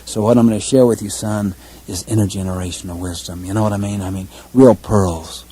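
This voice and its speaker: A man's voice: lowish voice, fairly even intonation, brisk, mellow, husky, low-quality recording. A man giving a leadership lecture, telling a story by acting out his own thoughts and mocking himself. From United States. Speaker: leadership seminar speaker. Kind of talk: lecture with acted-out anecdote.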